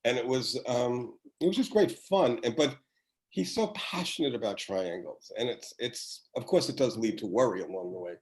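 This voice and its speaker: An older man reminisces as a podcast guest, his voice at a middle pitch. He rambles through anecdotes, stopping and restarting mid-sentence. He sounds like he is talking over a video call. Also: expressive, moderate pace, poor audio. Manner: rambling, warm storytelling with restarts. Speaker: podcast guest, former children's TV writer. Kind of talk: casual chat.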